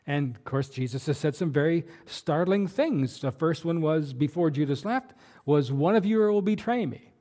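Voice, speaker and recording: A man's voice: on the high side, expressive, moderate pace, mellow. A man preaching a sermon as a pastor, in a conversational way with many fillers and restarts.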